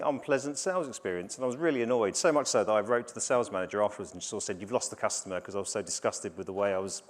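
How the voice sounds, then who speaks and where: Brief: middle-aged man presenting at a business conference, chatty, loose with fillers, medium pitch. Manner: conversational, frequent fillers and restarts. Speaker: conference speaker. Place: conference stage.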